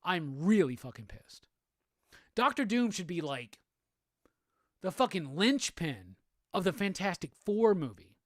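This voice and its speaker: A man's voice: high voice, sing-song, a little slow, pauses often, no room sound, clean studio sound. A man hosting a solo show, ranting angrily with heavy profanity and repeated phrases. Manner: profane, repetitive, heated. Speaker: host. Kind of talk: angry solo commentary rant.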